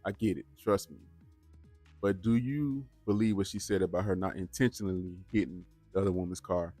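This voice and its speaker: A man's voice: sits low, fairly even intonation, brisk, mellow, soft background music. A man hosting a reaction channel, talking casually and straight to his viewers, often repeating words as he goes. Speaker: host of a bodycam reaction channel.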